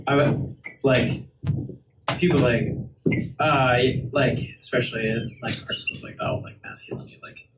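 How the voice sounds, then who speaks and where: A man's voice: medium pitch, huge pitch swings, slow pace, long pauses. A man being interviewed onstage as a guest artist, talking casually. He rambles in a laid-back way and fills his speech with filler words. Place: live event venue. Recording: roomy, distant mic, ambient noise.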